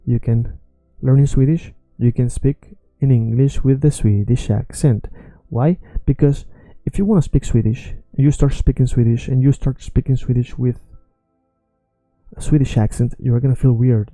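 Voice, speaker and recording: A man's voice: medium pitch, dark tone, no room sound, poor audio. A man teaching an online language lesson, talking casually and often checking in with "okay?" and "right?".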